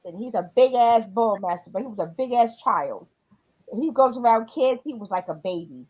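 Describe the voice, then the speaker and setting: A woman's voice: on the high side, lively intonation, moderate pace, darkish tone, slightly rough. A woman chatting casually on a livestream, rambling a bit with fillers as she tells dog stories. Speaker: livestream co-host. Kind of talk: casual chat. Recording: dull lo-fi audio.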